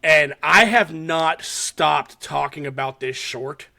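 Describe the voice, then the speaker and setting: A man's voice: on the high side, slow pace, vocal fry. A man co-hosting a podcast, animatedly recapping a horror short in casual chat, swearing often and laughing as he tells it. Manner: animated, swears a lot, laughs while telling.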